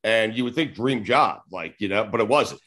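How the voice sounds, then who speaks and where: Guest spot: deep-ish man in his forties from New York, loose rambling anecdotes, casual cursing. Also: lively intonation, normal speed, crowd noise. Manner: rambling, acts out old conversations, swears casually. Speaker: sports radio host, podcast guest. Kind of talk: casual interview storytelling.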